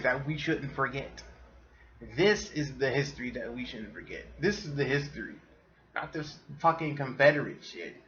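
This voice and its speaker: A man's voice: on the high side, lo-fi sound, slight background noise. Profane, ranting podcast man. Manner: profane, animated, laughs often. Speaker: podcast host. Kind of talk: casual solo podcast rant.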